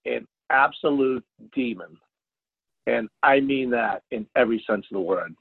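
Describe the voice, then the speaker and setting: A man, a fishing charter captain, telling a story in a casual interview, animated and loud at the high points. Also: normal speed, gravelly, slightly rough, no room sound. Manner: animated, jumps to loud exclaims when retelling. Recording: dry tinny phone line.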